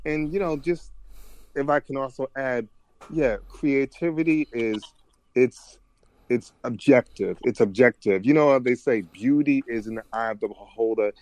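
A man's voice: mid-range voice, normal speed, darkish tone, dry recording. A man guest on a podcast, talking in a reflective, rambling way with frequent restarts. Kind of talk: casual conversation.

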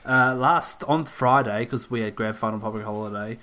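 A young Australian man co-hosting a podcast, telling everyday stories in a relaxed way with plenty of fillers and hesitations. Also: mid-range voice, normal speed. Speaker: podcast co-host. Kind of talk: casual chat.

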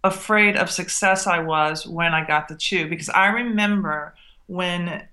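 A middle-aged woman from the South, a guest who tells her stories in an animated way and acts out the exchanges she remembers. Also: on the low side, measured pace. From Southern United States. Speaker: guest, TV chef. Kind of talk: interview storytelling.

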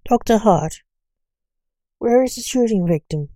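A woman's voice: a little high, expressive, a little slow, mellow, no room sound, pitched above the performer's own voice. A woman voicing a persistent young male hospital orderly who insists plainly. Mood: insistent.

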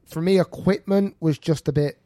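Podcast host, thirties, animated and self-mocking storyteller, mellow tone, dry studio sound. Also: male voice, on the high side, normal speed, dry recording. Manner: animated, self-mocking, laughs through stories. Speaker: podcast host and golf coach. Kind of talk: casual storytelling chat.

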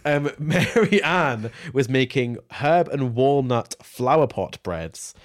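A man's voice: mid-range voice, takes it slowly. A man co-hosting a podcast, chatting casually, joking and asking his co-host questions. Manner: relaxed, joking, asks questions. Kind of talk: casual chat.

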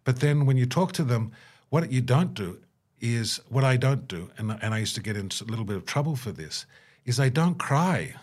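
A man's voice: lively intonation, normal speed. A man being interviewed about his humanitarian work, talking earnestly and acting out bits of dialogue. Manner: earnest, acts out quoted dialogue with rising pitch. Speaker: guest, humanitarian worker. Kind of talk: reflective interview talk.

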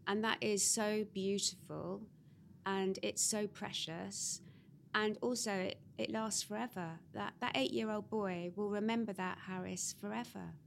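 A woman's voice: mid-range voice, fairly even intonation, a little slow, creaky, a little hiss or hum. A woman hosting a podcast, closing an interview with effusive praise for her guest. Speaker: podcast host. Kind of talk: interview wrap-up.

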